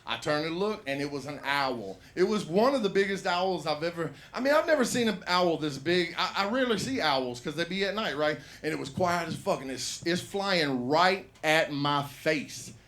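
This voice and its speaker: A man's voice: fairly high pitch, animated, normal speed, hardly any pauses, a bit bright. Rambling profane man on stage. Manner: rambling, profane storytelling with laughs. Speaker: stand-up comedian. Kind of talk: open mic stand-up set. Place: comedy bar stage.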